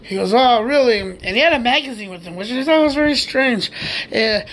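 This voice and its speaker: A man's voice: extremely high pitch, animated, fairly quick, fairly bright tone. A man from the United States telling a rambling, profane story in a casual way, laughing as he goes.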